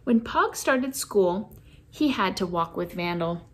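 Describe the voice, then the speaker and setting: A woman reading a children's storybook aloud in a playful, expressive way for a church kids' program. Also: mid-range voice, slow pace. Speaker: children's ministry reader.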